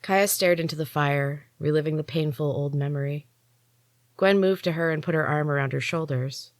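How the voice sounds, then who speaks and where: A woman storyteller reading a novel chapter aloud in a measured, expressive way. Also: sits low, dry recording. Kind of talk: audiobook reading.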